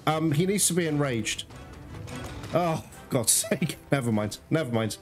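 A man giving live gameplay commentary to his viewers, excitable and swearing often. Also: fairly high pitch, unhurried. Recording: loud game music behind.

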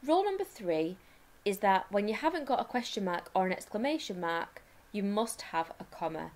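A woman's voice: medium pitch, animated, a little mellow. English woman teaching a lesson. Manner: clear, step-by-step explaining, slowing to dictate. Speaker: primary school teacher. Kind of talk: recorded online lesson.

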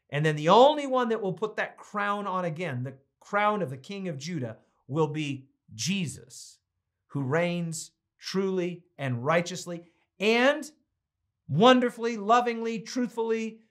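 A middle-aged pastor teaches a Bible study in a fairly high, fairly bright voice. He preaches with conviction, then slips into a chatty, playful manner while reading out viewers' comments.

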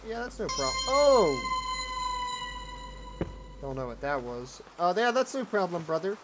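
A man's voice: fairly high pitch, very animated, a little fast, noisy background. A young man casually commenting while he plays a game, joking and talking back to the customers on screen. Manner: jokey, reactive, talks to customers while playing. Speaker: gameplay commentator. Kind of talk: let's play commentary.

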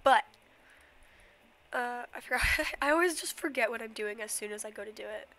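Slightly ill, this young streamer walks viewers around her Minecraft world in a casual, giggly ramble full of fillers and apologies. She speaks at a moderate pace in a voice that's a little high and somewhat bright.

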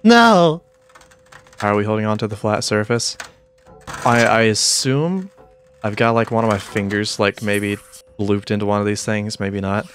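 A male streamer gives loose, joking commentary while he plays. He rambles, mock-complains and talks back to the game in a fairly low voice. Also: moderate pace, long pauses, a bit bright, slight background noise. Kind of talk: casual gameplay commentary.

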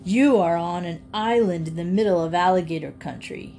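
A woman voicing storybook alligators, mocking, gloating, a bit lower and menacing. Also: normal speed, dark tone, lightly acted. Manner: taunting, gloating.

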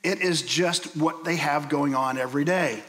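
Pastor guy from pittsburgh preaching, tells stories, asks the crowd stuff, bit of a high voice. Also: normal speed, a bit bright. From Pittsburgh, USA. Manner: storytelling, asking the listeners questions. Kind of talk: sermon. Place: church sanctuary. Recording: long hall reverb.

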